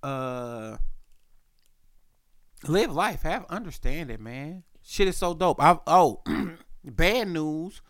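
A young man hosting a podcast, telling a casual story with lots of slang, filler words and throat clearing, and his voice jumps up when he quotes himself. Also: a little high, expressive, slow, fairly bright tone, no echo, studio quality. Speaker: podcast host.

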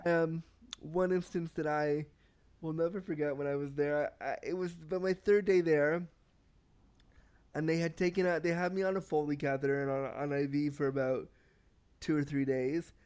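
A man as a podcast guest, telling a story in casual conversation, animated and often repeating and restarting words. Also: a little high, normal speed, clean tone. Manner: animated, acts out quoted exchanges.

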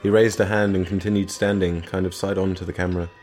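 A man's voice: low-pitched, little pitch movement, fast, darkish tone, soft background music. A young man reading a first-person story in a dry, understated manner. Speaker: narrator. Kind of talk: scripted narration.

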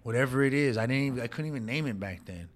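A man's voice: medium pitch, rapid-fire. Heartfelt man telling his story in slang. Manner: street slang, heartfelt, calls listener dog and homie. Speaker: guest sharing his life story. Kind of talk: emotional personal storytelling.

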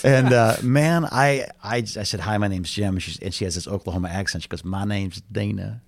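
A man in his fifties, a pastor, telling lively family stories with jokes in a casual interview. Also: on the low side, normal speed, gravelly, no echo. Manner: animated storyteller, jokes.

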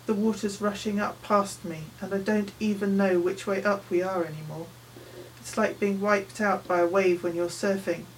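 A woman's voice: medium pitch, distant mic, a little hiss or hum, low-quality recording. A woman reading a novel aloud in the first person, with tense, vivid storytelling. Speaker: audiobook narrator. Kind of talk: first-person audiobook narration.

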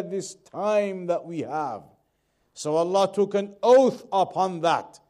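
A man teaching a lesson on Quran commentary, repeating key points and reading Arabic quickly before translating it slowly. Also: sits high, mellow. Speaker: Islamic teacher.

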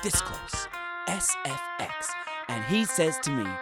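Woman as a slacker teen, slangy, mimics people, animated pitch, guitar music behind. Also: slow pace, full character voice. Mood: exasperated.

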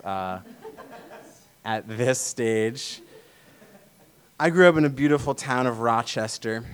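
A man from Vermont giving a casual sermon talk to a church meeting, telling stories in a relaxed way with many fillers. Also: fairly low pitch, clean tone. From Vermont, USA. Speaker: church speaker.

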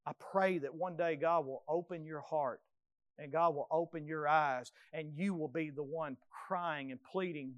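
A pastor preaching a sermon with passion, swinging between loud pleading and hushed intensity. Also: male voice, a little high, a little slow, no echo, clean studio sound.

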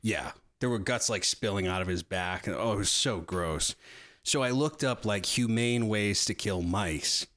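Profane young man telling a story. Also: unhurried. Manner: profane, animated storytelling with swings in pitch. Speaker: podcast co-host. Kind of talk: casual storytelling chat.

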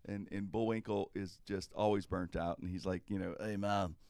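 A man's voice: low-pitched, fairly even intonation, moderate pace, vocal fry, mellow, dry recording. A middle-aged man hosting a podcast, telling a casual anecdote animatedly and laughing often. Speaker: podcast host. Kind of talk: casual storytelling.

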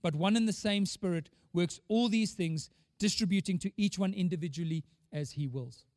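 A man preaches with a high voice, firing off rhetorical questions and repeating words for emphasis. His voice rings with the long reverb of a large hall, though the voice itself stays close and dry. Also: normal speed, a little mellow. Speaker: pastor. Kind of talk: sermon.

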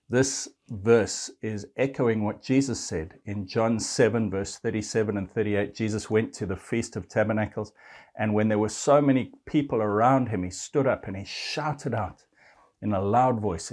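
Earnest older male preacher, low voice. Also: darkish tone. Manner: earnest, dramatic pauses, quoting scripture. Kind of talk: sermon.

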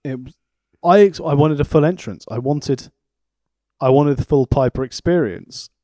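A man co-hosting a podcast, recapping events in a dry, deadpan casual chat. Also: fairly high pitch, moderate pace, dry recording. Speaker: podcast co-host.

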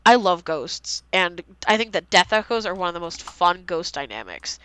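Animated young woman, bright and lively. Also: lowish voice, normal speed, dry recording, rough recording. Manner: animated, reads out favorite quotes, swears freely. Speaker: podcast co-host. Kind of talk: casual fan podcast chat.

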